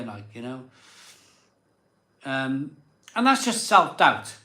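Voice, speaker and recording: A man's voice: medium pitch, slow pace, long pauses, pushed and bright, roomy sound. A slightly drunk man, hosting a live beer show in rambling casual chat. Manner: rambling and self-doubting, many fillers and restarts. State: a bit drunk.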